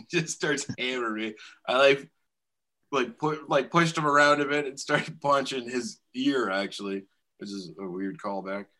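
A man's voice: mid-range voice, unhurried, bright, forceful tone. A man in his thirties telling a profane story in a casual chat, laughing often. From Canada.

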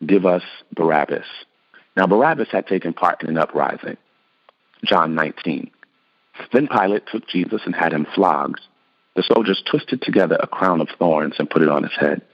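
Deep voiced guy reading scripture, steady even pace, muffled lo-fi sound. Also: moderate pace, creaky. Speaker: scripture reader. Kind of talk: scripted narration.

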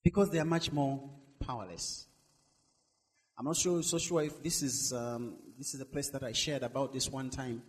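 A middle-aged male minister preaching a sermon, swinging between loud emphatic lines and soft drawn-out words. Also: mid-range voice, steady tone, in a large hall.

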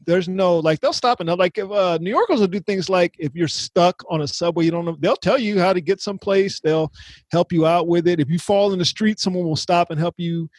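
A high-pitched man talks loosely on a podcast, full of animation as he slips into quoted voices and laughs along the way. The sound is close and dry, with no room around it. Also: brisk, dry recording. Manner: animated storyteller, acts out quotes, laughs often. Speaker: co-host. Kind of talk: casual chat.

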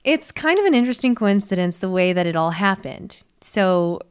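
A woman's voice: mid-range voice, very animated, moderate pace, clean tone. A woman co-hosting a podcast who tells history in a playful, giggly way. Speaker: podcast co-host. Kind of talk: casual history chat.

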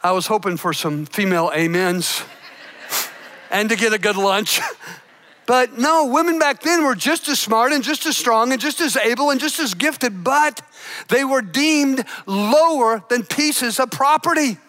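A male preacher with a very high, bright voice delivers a sermon with theatrical energy. He swings from shouted exclamations to hushed, earnest appeals, and throws in playful jokes along the way. His tone stays sharp and ringing throughout. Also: a little slow. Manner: dramatic storytelling with shouted emphasis and playful asides. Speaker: pastor.

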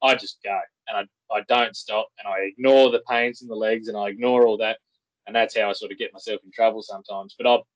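A man's voice: on the low side, brisk, low-quality recording. Rambling Australian man telling a story. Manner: rambling, animated anecdote-telling with restarts. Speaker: podcast guest, hunter. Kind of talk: casual podcast storytelling.

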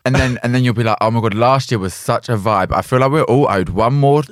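A man's voice: mid-range voice, fast talker. A man co-hosting a podcast, teasing his friend and summing up his dating plans in casual chat. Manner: teasing, sums up and sorts out what his co-host says.

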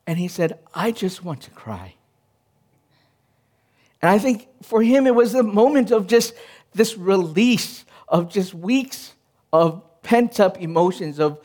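Male pastor, thirties, high-pitched, earnest conversational sermon delivery. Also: unhurried, a little mellow. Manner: earnest, personal storytelling with frequent restarts.

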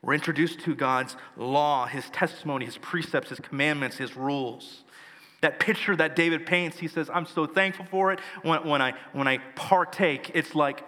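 A man's voice: a little high, pushed and bright, in a large hall. A male pastor preaching a sermon, earnest and emphatic, building his points through lists.

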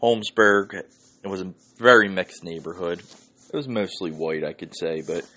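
A man's voice: sits low, normal speed, bright, forceful tone. Swearing Philly man ranting on a podcast. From Northeast Philadelphia. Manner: profane, ranting, heavy swearing. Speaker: podcast host. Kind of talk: solo podcast rant.

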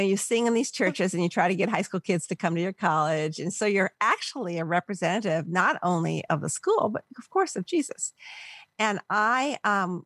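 Older woman telling a lively story. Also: mid-range voice, no room sound, clean studio sound. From Los Angeles area. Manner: animated storyteller, acts out quoted voices. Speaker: podcast guest. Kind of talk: storytelling in a conversational interview.

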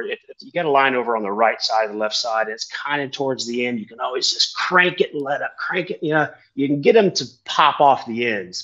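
A man's voice: mid-range voice, bright, forceful tone, dull audio. A man, a tandem skydiving instructor telling a story in a casual, rambling chat and swearing freely.

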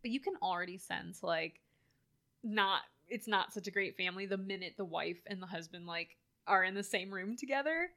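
A woman co-hosting a casual chat, animated and full of filler words, acting out quoted lines as she talks. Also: mid-range voice, normal speed. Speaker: podcast co-host. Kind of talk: casual chat reviewing a horror film.

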